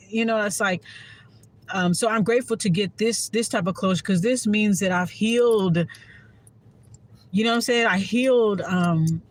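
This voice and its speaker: A woman giving a heartfelt, profane casual monologue to her viewers as a spiritual content creator. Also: medium pitch.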